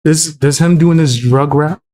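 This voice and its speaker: A man's voice: fairly high pitch, unhurried, dark tone. A man reacting to music clips on a stream, blunt and mocking, swearing often. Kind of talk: casual reaction stream commentary.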